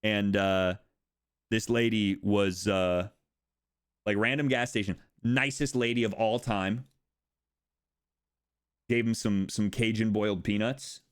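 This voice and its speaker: A young American man streaming casual chat, rambling and animated, swearing and laughing often as he talks. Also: lowish voice, slow pace, pauses often, smooth. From United States.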